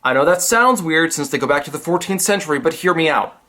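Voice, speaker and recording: A man narrating a comedic film review with a lively, sarcastic delivery. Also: fairly high pitch, fast talker.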